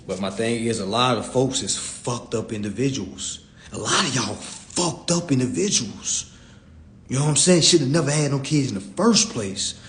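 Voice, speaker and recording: A man's voice: mid-range voice, animated, moderate pace, fairly bright tone. A man giving a casual live-stream talk into a phone, blunt and preachy, repeating his points and cursing freely.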